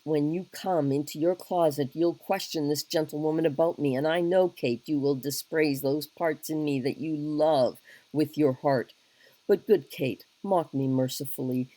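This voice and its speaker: Brief: a woman voicing a soldierly young king who woos plainly, low voice, dry close sound. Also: warm tone, no room sound, low-quality recording. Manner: earnest, plain-spoken wooing. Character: young English king, blunt soldierly wooer. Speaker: teacher reading a play aloud. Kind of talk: dramatic reading of a play.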